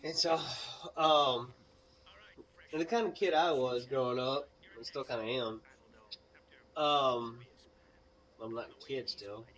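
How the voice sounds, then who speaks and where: Bright Southern US man rambling through a story. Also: medium pitch, slow pace, pauses often, recorded from a distance, muffled recording. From Mississippi, US. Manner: rambling, many fillers and asides to the game. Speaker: gaming channel co-host. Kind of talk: casual storytelling over gameplay.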